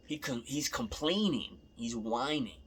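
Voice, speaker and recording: A man's voice: mid-range voice, expressive, a little slow, breathy edge. A young man in a casual, rambling rant, repeating himself and swearing freely. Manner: rambling, repeats himself, profane, laughing asides.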